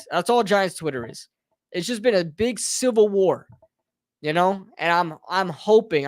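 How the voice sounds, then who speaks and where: The dry, clean studio recording captures a high-pitched man hosting a live sports talk stream. He delivers a heated fan rant, often calling his listeners bro and brother.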